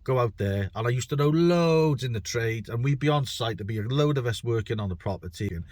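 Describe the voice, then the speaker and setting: A man's voice: mid-range voice, expressive, a little fast, a little mellow, no echo. A middle-aged man with a British accent, a bricklayer talking through his own podcast in a chatty, rambling and self-deprecating way, often repeating words as he thinks. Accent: British English. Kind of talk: casual podcast monologue.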